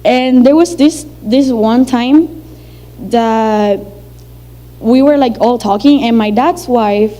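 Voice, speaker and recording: A woman's voice: a little high, slow pace, mellow, rough recording. A young woman from Venezuela, telling a personal story to an audience in a chatty, filler-heavy way and acting out the dialogue. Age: young adult.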